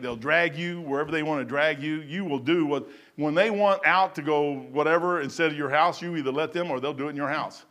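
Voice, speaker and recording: A man preaching a sermon in a folksy, rambling way, swinging between loud bursts and quiet asides. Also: a little high. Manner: folksy and rambling, with stumbles and chuckles.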